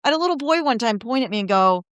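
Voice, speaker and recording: A woman guest in a casual podcast chat, telling stories with animation and slipping into the voices of people she quotes. She uses lots of "you know, like" fillers. Her voice is smooth and clear, and the recording is dry and close. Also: on the high side, lively intonation, very fast, a bit bright, dry recording. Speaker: guest, disability advocate and speaker.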